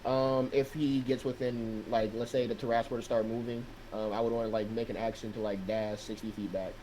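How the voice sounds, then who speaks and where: A man's voice: mid-range voice, flat delivery, a little fast, mellow, a little hiss or hum. Man player thinking aloud. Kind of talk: casual game table chat.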